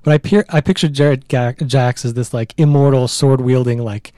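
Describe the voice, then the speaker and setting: Mellow-voiced man chatting about books. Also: medium pitch, moderate pace, no room sound, studio quality. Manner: animated, chatty, acts out quotes. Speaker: podcast co-host. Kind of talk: casual book discussion.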